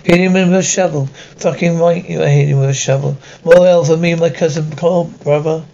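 An actor voicing a crude villager who tells a bawdy tale in a rough, indignant way in an animated series, heard in muffled, lo-fi film audio. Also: male voice, fairly high pitch, a little fast. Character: crude coarse male villager telling a bawdy tavern tale.

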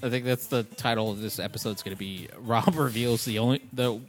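A man's voice: mid-range voice, brisk, faint music behind. A man hosting a podcast in casual chat, laid-back and laughing often. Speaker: podcast host.

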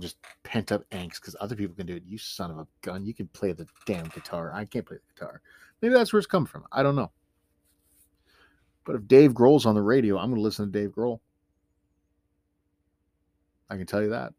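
A man's voice: fairly low pitch, animated, brisk, long pauses, warm tone, no room sound. A man hosting a podcast, talking casually in a chatty, self-deprecating, ranting way. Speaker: podcast host. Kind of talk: casual solo podcast talk.

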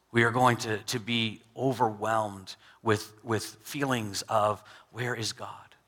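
A married man preaching an earnest sermon, with frequent restarts, swinging between loud stresses and soft drops. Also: mid-range voice. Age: adult, married with two sons. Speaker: pastor.

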